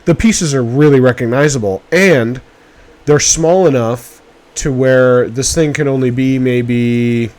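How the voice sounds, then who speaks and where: A man hosting a casual chat, talking excitedly, swearing freely and often trailing off and restarting. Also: medium pitch, measured pace. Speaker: podcast host.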